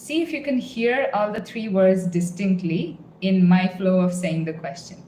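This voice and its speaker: A woman gives a beginner language lesson at a patient, unhurried pace. She breaks each phrase down and repeats it word by word. Her voice sits in a roomy space with a faint hum of ambience behind it. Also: mid-range voice, animated, dark tone. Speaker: language teacher.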